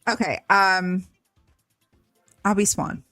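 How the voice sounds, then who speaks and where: A woman's voice: mid-range voice, slow, sharp tone, no room sound, clean studio sound, soft background music. A woman guest in a casual chat, encouraging and giggly.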